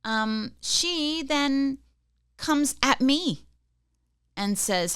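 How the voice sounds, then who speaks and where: A woman's voice: high voice, lively intonation, drawn-out words, long pauses, a bit bright, no echo, studio quality. A middle-aged woman hosting a podcast, chatting casually through personal anecdotes and often checking in with her listeners. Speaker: podcast host. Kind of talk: casual advice monologue.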